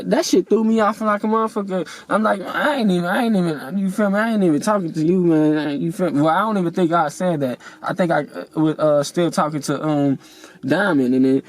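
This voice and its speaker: A man's voice: high voice, fairly even intonation, a little fast, low-quality recording. A young man telling a story in a casual vlog rant, rambling and profane, with many fillers and heated outbursts. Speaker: vlogger.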